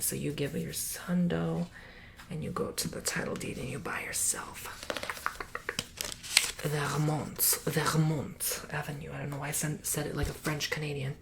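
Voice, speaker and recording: A man's voice: a little high, creaky, slight background noise. A man teaching a board game in a whispered ASMR tutorial, playful and sassy, calling the listener honey. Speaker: ASMR creator.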